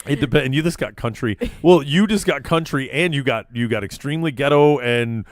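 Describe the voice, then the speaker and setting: Recording in a small vape-shop studio, this male podcast host rambles through casual chat, full of fillers and restarts. He speaks a little fast in a mid-range voice, with studio-quality audio and no room sound.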